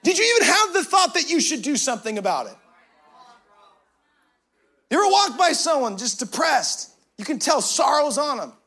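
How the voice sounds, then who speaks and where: A man preaching a lively sermon in very casual, slangy language. His voice sits unusually high for a man. He builds into loud, emphatic shouts to drive his points home. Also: moderate pace, long pauses. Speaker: pastor.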